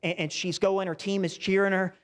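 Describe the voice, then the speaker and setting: A man's voice: high voice, level tone, fairly quick, clear, resonant tone. Preaching man in a reverberant church hall. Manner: conversational preaching with audience asides. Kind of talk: sermon. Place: church sanctuary.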